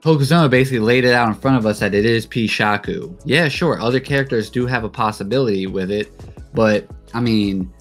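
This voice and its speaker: A man co-hosting a podcast, speaking in a halting way full of filler words. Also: medium pitch, faint music behind. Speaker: podcast co-host. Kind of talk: casual chat.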